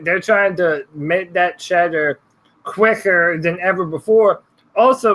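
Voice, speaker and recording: A man's voice: high-pitched, fairly bright tone, rough recording. A man speaks in a slightly raised voice, giving blunt opinions in an easygoing way. He throws in the odd curse word as he chats about sports. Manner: blunt and laid-back, with mild swearing. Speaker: podcast co-host. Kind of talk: casual sports talk.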